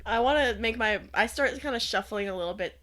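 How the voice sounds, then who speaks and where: A woman playing a tabletop role-playing game, giggly and quick to react. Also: a little high, fairly bright tone. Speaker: player. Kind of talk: tabletop role-play chat.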